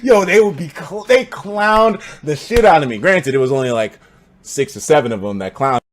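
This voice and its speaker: A young man from the United States telling a story on a live stream in a casual, profane, animated way, laughing as he goes. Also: normal speed, heavy background noise. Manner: animated, profane, laughs between lines, breaks into loud high shouts.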